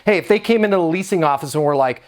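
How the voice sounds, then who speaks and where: A man with a notably high-pitched voice coaches property managers, and he is punchy and emphatic throughout. He sounds to be in his thirties and often slips into quick acted-out exchanges to make his point. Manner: punchy, emphatic, acts out quick dialogue examples. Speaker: property leasing trainer. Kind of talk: energetic coaching talk to camera.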